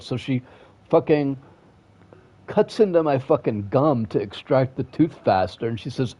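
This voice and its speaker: Male game streamer, mellow tone, rambling, profane, aggrieved, restarts sentences. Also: mid-range voice, moderate pace. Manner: profane, rambling, swears constantly; restless and aggrieved, trails off and restarts. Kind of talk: casual rambling live-stream chat.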